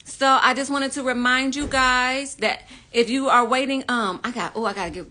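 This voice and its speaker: A woman's voice: sits high, fairly even intonation, moderate pace, pushed and bright. A woman hosting a casual live stream. She greets viewers with "y'all" and talks earnestly and bluntly about anger and spiritual healing, swearing now and then. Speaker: livestream host, spiritual teacher. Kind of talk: casual livestream chat and spiritual talk. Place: home livestream. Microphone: phone.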